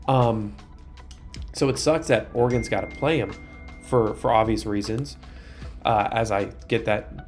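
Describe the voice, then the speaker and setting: A man's voice: mid-range voice, a little mellow. A young man giving casual commentary while playing a football video game, breaking into exasperated outbursts. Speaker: gaming YouTuber.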